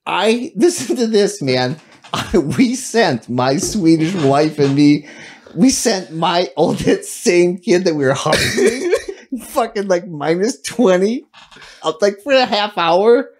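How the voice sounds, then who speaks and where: A man's voice: high-pitched, takes it slowly. Laughing, swearing man telling stories. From United States. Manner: laughs often, swears freely, animated. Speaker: podcast guest. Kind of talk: casual storytelling.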